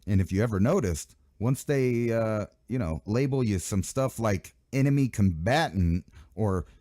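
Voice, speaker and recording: Low-voiced, sarcastic male radio host. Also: expressive, measured pace, warm tone, no room sound. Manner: rambling, sarcastic, digressive. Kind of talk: talk radio monologue.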